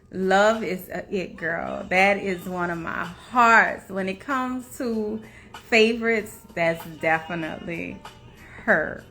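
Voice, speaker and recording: A woman's voice: medium pitch, slow, a bit bright, faint music behind. A young adult woman hosting a casual livestream, chatting to viewers, laughing often and greeting them by name. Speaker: livestream host.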